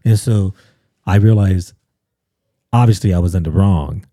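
A pastor guest on a podcast telling a personal story in casual chat, animated and acting out quotes with lots of fillers. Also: male voice, sits low, measured pace, no echo, clean studio sound.

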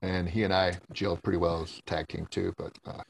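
A former wrestler telling rambling stories in a casual interview, laughing often and swearing freely. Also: male voice, low voice, flat delivery, brisk, creaky, a little hiss or hum, rough recording.

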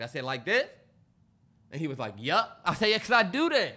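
A man's voice: on the high side, fairly quick. A man co-hosting a podcast, telling a story in casual chat, acting out what people said and laughing often, out of breath. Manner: animated, acts out quotes, laughs a lot. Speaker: podcast co-host.

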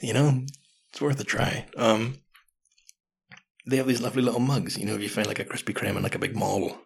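A man's voice: fairly low pitch, steady tone, fairly quick, creaky, breathy edge. A man in his thirties hosting a podcast, chatting through a story in a casual, self-mocking way and swearing freely. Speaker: podcast host.

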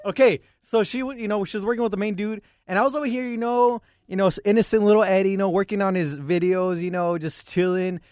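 A man's voice: high voice, steady tone, fast, hardly any pauses, darkish tone, no echo, studio quality. A man hosting a podcast in casual chat, telling a story with lots of repeated "hold on" and "check it out.". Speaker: podcast host.

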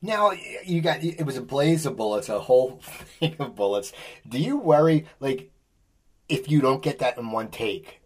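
A man hosts a conversational interview. His voice is husky and mid-pitched, and he often restarts his questions as he talks. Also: lively intonation, moderate pace. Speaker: interviewer host.

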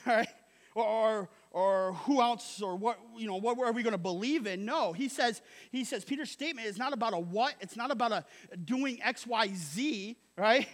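A man's voice: sits high, moderate pace. A male pastor preaching a sermon in an emphatic, casual way, repeating phrases and tagging lines with "right?". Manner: casual, slangy asides.

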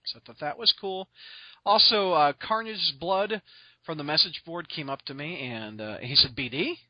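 A man hosting a podcast, telling stories in an excitable, rambling way full of restarts and laughs. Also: fairly high pitch, moderate pace, no echo, highs cut off. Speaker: podcast host. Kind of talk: casual storytelling chat.

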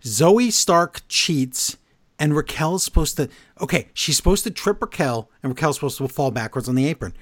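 Animated, exasperated man recapping wrestling. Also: a little high, moderate pace, dry recording, clean studio sound. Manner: animated, exasperated, mocking the quotes. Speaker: podcast co-host recapping wrestling. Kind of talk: casual podcast recap.

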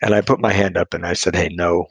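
A middle-aged man tells a long personal story in a conversation, wandering off course and poking fun at himself. His voice is low, gravelly and husky. The sound is dry and close, with no room echo. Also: fairly even intonation, fast talker. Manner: rambling and self-deprecating, with frequent restarts and chuckles.

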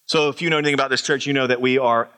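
A middle-aged man preaching a sermon as pastor, swinging from emphatic high lines to low, quiet asides. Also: steady tone, very fast, clean tone.

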